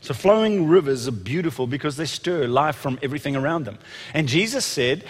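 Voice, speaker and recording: A man delivering a lively sermon, his voice sitting a little high for a man. He stumbles and restarts, then surges into loud emphatic stretches. The sound carries a long reverb, as from a large hall. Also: brisk, slightly rough. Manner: animated, rising to shouts when quoting, frequent restarts. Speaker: preacher.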